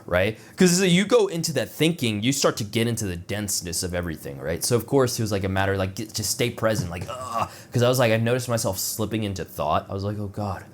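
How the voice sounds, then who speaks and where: A man's voice: fairly low pitch, expressive, fast talker, hardly any pauses. Rambling, profane young man telling a story. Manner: rambling, profane, heavy filler words, laughs at his own jokes; acts out other people's lines in quoted voices. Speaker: vlogger. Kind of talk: casual storytelling.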